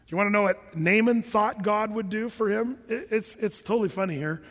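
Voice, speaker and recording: High-voiced male pastor preaching. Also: brisk, hardly any pauses, big-room sound. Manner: animated, emphatic, repeats words while thinking. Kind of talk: sermon.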